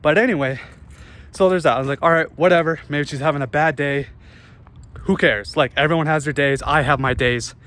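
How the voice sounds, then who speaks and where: A man's voice: fairly high pitch, a little fast, fairly bright tone. Breathless man ranting after a workout. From northern United States. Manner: rambling, profane, self-interrupting. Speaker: vlogger. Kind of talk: casual rant to camera. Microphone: earbuds. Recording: voice picked up through earbud mic.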